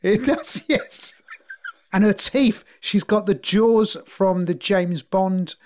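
A man co-hosting a podcast, talking in a casual, animated way, laughing often and rambling with restarts. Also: high voice, slow pace. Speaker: podcast co-host. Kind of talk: casual chat.

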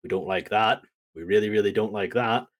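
A man on a podcast casually recapping a wrestling show, telling it as a lively story and acting out the lines. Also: lowish voice, brisk. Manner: animated storytelling, acts out quotes. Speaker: podcast co-host.

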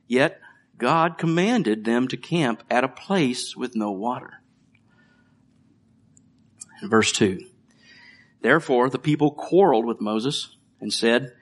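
A man's voice: mid-range voice, slow pace, pauses often. A middle-aged man preaching a conversational sermon, reading scripture and joking about his children. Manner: conversational, with light jokes and laughs. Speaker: pastor.

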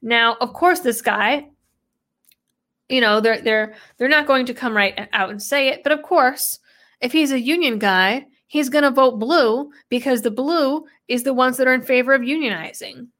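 A woman's voice: sits high, normal speed, fairly bright tone. A woman giving sarcastic, skeptical solo commentary, reading quotes from an article aloud and adding her own asides. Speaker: political commentator. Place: New England background.

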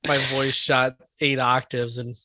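Man, podcast chat, self-deprecating, chuckling, medium pitch, dry sound. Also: little pitch movement, unhurried, pushed and bright, no echo, rough recording.

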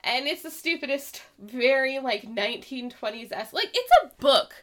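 A woman co-hosting a casual podcast, giggling as she retells a TV episode in an animated way. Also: sits high, normal speed. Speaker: podcast co-host recapping an episode. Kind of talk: casual chat.

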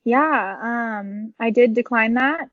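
A woman's voice: fairly high pitch, takes it slowly, muffled recording. A young woman from Michigan, a guest musician in a casual podcast chat, talking in a chatty, giggly, rambling way with lots of fillers.

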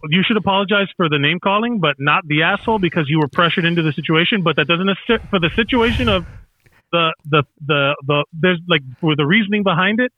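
Guy arguing his side with a lot of likes and restarts, highish voice, sounds like a phone line. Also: quick pace. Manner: argumentative, hedging with fillers. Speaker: podcast co-host. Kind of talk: casual chat.

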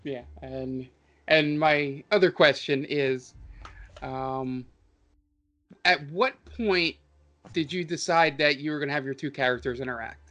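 A man with a slightly raised pitch hosts a casual tabletop podcast. He rambles warmly, packing his talk with "um" and "uh" as he praises his players. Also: unhurried, long pauses. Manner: rambling, filler-heavy, enthusiastic. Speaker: podcast host and game master.

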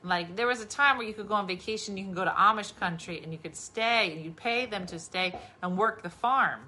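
A woman's voice: medium pitch, a little fast, pushed and bright, slight background noise. A middle-aged woman from New Jersey, a comedian, chatting casually with her kid in a dry, teasing, sarcastic way. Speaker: comedian and podcast host.

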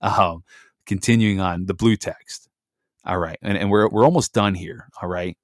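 A middle-aged man from Michigan, reading documents aloud slowly with emphasis and breaking into casual chatty asides as a host. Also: low voice, steady tone, no echo, studio quality. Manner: reads slowly with emphasis, then chats in asides.

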